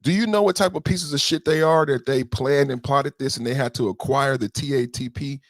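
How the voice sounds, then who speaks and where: A man's voice: medium pitch, fairly quick, no echo, clean studio sound. A man hosting a podcast in heated livestream commentary, emotional and profane, repeating himself and answering chat commenters directly. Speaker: podcast host.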